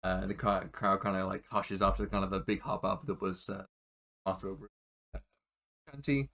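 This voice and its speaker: A man's voice: deep voice, normal speed, creaky, pushed and bright. A man running a tabletop game as game master, talking with many fillers and restarts.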